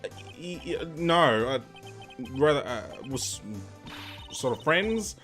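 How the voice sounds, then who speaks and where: A hesitant young male defense lawyer, read by a man who stammers and trips over his words. The voice is fairly high with a lively rise and fall. It is game dialogue read aloud. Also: slow, faint music behind. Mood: flustered.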